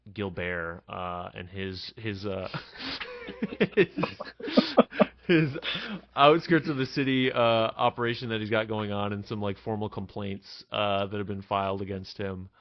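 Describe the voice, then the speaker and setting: A man narrating a tabletop game as dungeon master, speaking haltingly with many fillers and restarts. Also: lowish voice. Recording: dull lo-fi recording.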